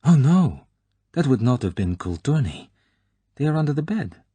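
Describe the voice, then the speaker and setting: A man's voice: medium pitch, sing-song, moderate pace, warm tone, husky, no echo, voice pushed up. A man voicing a teasing, shy young Russian woman with a slight Russian accent, in an audiobook reading. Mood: coy teasing. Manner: coy, playful, prim.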